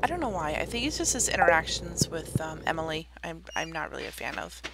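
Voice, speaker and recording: Lively chatty woman streamer. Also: low-pitched, quick pace, noisy background. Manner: chatty, thinks aloud and corrects herself. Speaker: game streamer. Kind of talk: casual gameplay commentary. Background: loud game music.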